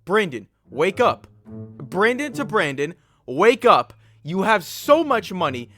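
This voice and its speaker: A male vlogger talks through his commentary in a slightly high voice, sarcastic and blunt. He swears casually and mocks what he reads, with faint music underneath. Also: very animated, slow pace, a bit bright. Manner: sarcastic, crude, mocking. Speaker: channel host. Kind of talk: commentary vlog.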